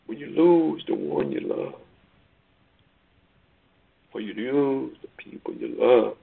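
Man preacher, husky and gravelly, heard over a tinny phone line, rhythmic repetition. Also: takes it slowly. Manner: preaching with swells of pitch and loudness, repeating phrases. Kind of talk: sermon on a call. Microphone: phone call.

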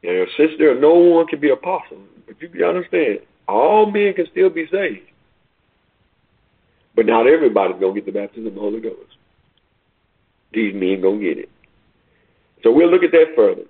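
A man's voice: medium pitch, big pitch swings, moderate pace, long pauses, husky. A man preaching a sermon, repeating himself and building to rising, urgent questions. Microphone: phone call line. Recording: tinny phone line.

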